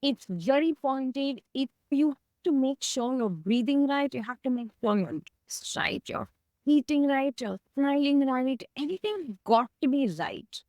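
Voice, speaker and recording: A woman's voice: high-pitched, lively intonation, a little slow, darkish tone, no echo. A woman guest talking candidly and emotionally about her past in a personal conversation, close to tears at times. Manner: heartfelt, emotional, reflective. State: tearing up.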